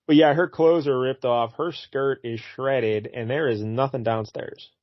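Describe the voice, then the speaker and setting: A man's voice: medium pitch, steady tone, unhurried, dry recording, highs cut off. Chatty man retelling a comic story. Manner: retells the story, briefly acting out lines. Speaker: podcast co-host. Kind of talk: casual comic book chat.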